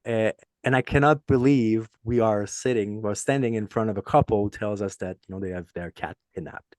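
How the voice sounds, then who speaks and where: A middle-aged man with a French accent, a native French speaker, chatting casually as podcast co-host, halting and restarting often. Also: fairly low pitch, dry recording, studio quality. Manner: rambling, halting with many restarts. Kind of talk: casual chat.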